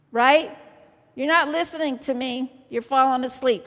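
A woman with a high voice delivers a sermon slowly but with liveliness, frequently putting questions to the congregation. The long reverb of a church hall rings around her words.

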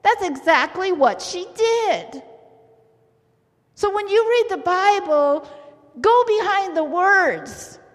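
A woman with a high voice preaches slowly and deliberately, acting out the story with theatrical energy. Her words ring through a church hall with long reverb. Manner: lively, acts out the story. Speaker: pastor's wife preaching. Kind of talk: sermon.

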